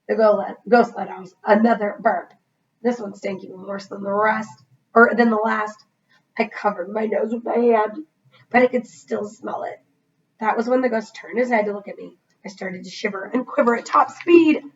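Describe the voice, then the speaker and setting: A woman reading a children's chapter book aloud like a teacher, expressive and pausing to ask her listeners questions. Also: mid-range voice, dull audio.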